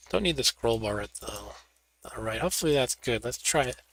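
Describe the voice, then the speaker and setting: A man's voice: mid-range voice, expressive, moderate pace, vocal fry, pauses often, bright, forceful tone, slightly rough, no room sound. A man hosting a live gaming stream, chatting casually and narrating each step as he sets up and plays. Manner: chatty, narrates his own setup steps. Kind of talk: casual gameplay commentary.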